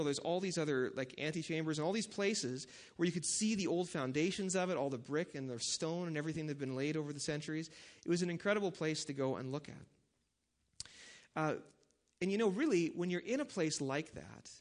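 A male preacher with a slightly higher voice talks through his sermon like a chat with the congregation. He asks them questions as he goes and leans on "um" and "right?" along the way. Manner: conversational, asks the audience questions, many fillers. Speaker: pastor.

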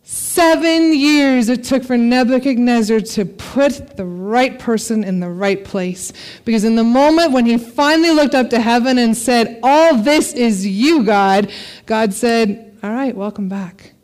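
A woman's voice: a little high, a little slow, a little mellow. A woman preaching a sermon, a parent, reading scripture with dramatic expression and light laughter. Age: adult parent.

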